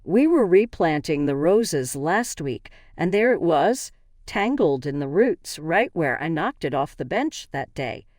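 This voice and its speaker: A woman narrating a story and voicing a quiet, composed father whose voice is thick with emotion. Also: sits low, very animated, a little slow, no echo, clean studio sound. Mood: earnest.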